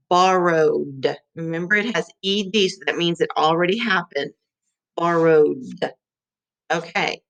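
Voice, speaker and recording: A woman's voice: fairly low pitch, a bit bright. A woman teacher giving a patient vocabulary lesson for young children, sounding out letters and clapping syllables.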